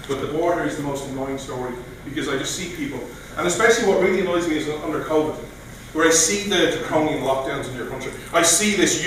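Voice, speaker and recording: Man giving an animated speech in an echoey room. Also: a little high, recorded from a distance, background noise. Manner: animated, storytelling with mock voices. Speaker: guest speaker. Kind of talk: speech at a political meeting. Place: meeting room.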